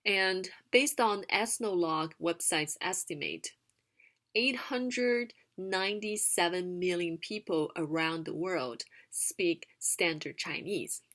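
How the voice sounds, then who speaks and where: A woman teaching a casual explanatory lesson, unhurried, with fillers and sung-out demonstrations of tones. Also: fairly low pitch, fairly bright tone. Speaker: language teacher. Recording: screen-recorded narration.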